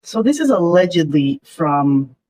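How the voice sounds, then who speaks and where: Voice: medium pitch, big pitch swings, measured pace, a little mellow, no echo, low-quality recording. A vlogger giving casual commentary, chatty and skeptical, with frequent ums and uhs.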